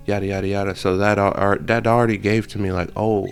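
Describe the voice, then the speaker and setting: Gravelly low-voiced man recapping a movie. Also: fast, faint music behind. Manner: animated storytelling with slang and profanity. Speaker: channel host.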